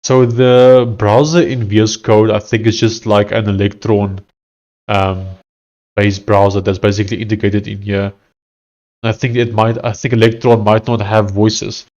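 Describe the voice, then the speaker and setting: South African developer, lowish voice, hesitant think-aloud, muffled lo-fi sound. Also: male voice, little pitch movement, moderate pace, darkish tone. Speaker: software developer streamer. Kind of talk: casual live-coding commentary.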